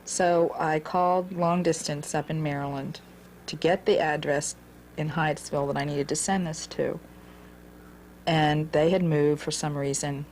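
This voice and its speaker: Earnest halting woman in her forties. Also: low-pitched, fairly even intonation, a little mellow, slight background noise. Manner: earnest, halting, repeats words. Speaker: interviewee telling her life story. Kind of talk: personal storytelling.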